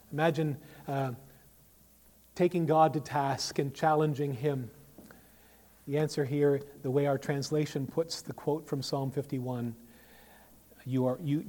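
A male pastor preaching a sermon, emphatic, with sharp swings from loud to quiet and many rhetorical questions. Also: mid-range voice. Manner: emphatic, rises and falls sharply in volume, asks rhetorical questions. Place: church sanctuary. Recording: long reverb of a church hall.

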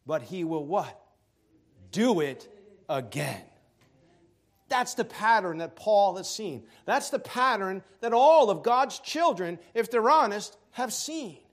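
A man preaching a sermon as pastor, swinging between loud emphasis and quiet asides, with joking remarks. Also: sits high, expressive, slow pace.

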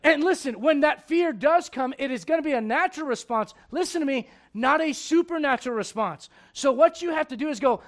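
A man in his forties preaching a sermon. He moves from loud urging to quiet confiding. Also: extremely high pitch, animated, moderate pace, few pauses. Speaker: pastor.

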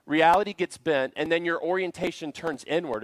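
A man's voice: on the high side, moderate pace, no room sound. A man preaching a sermon to a church congregation, earnest and full of rhetorical questions. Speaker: pastor. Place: church service.

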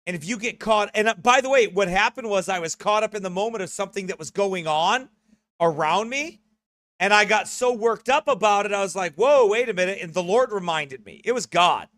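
A man's voice: sits high, expressive, brisk, a bit bright, dry recording, clean studio sound. A man preaching a sermon in a conversational, earnest way, often correcting himself.

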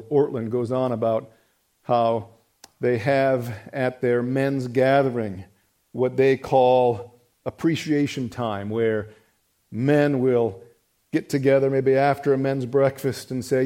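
A man preaching a sermon emphatically, swinging between loud, punchy words and hushed, drawn-out ones. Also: medium pitch.

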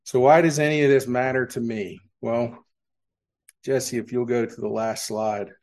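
A man's voice: medium pitch, fairly even intonation, measured pace, darkish tone. Man preaching with rhetorical questions. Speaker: pastor. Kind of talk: sermon. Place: church sanctuary.

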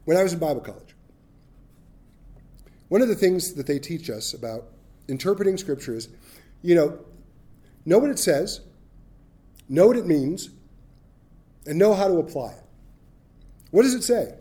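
A man's voice: on the high side, animated, normal speed, pauses often, mellow. A middle-aged man preaching a sermon, telling a Bible story with humor and acting out voices. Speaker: pastor.

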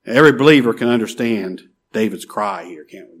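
A middle-aged man preaching a sermon, pleading and emphatic, swinging from loud rises to soft drops. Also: medium pitch, big pitch swings, a little fast, hardly any pauses. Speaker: pastor.

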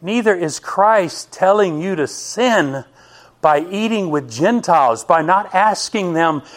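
A middle-aged male pastor preaching with a notably high voice and an unhurried, deliberate pace. He speaks emphatically and keeps turning to his listeners with rhetorical questions. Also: lively intonation. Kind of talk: sermon.

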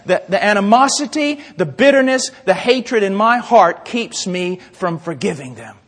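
A male preacher delivering a dramatic sermon, swinging between hushed asides and shouting, acting out little scenes with voices. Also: high voice, animated, moderate pace. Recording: long reverb of a large hall.

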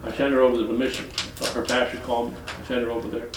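A man's voice: mid-range voice, little pitch movement, very fast, background noise. An older man from Detroit preaching a folksy, colloquial sermon full of rambling stories and chuckles. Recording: echoey hall from far off.

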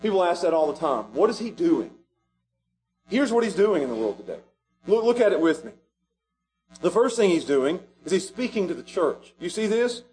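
Man, pastor, sermon, high-pitched, animated, shouting at peaks. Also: moderate pace, slight background noise. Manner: animated preaching, rising to shouts.

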